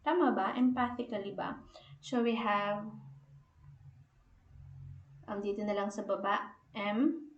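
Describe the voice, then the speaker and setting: A young woman with a Filipino accent teaching a shorthand lesson, explaining slowly as she spells out letters and repeats each word. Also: medium pitch, fairly even intonation, reverberant, lo-fi sound. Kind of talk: online lesson.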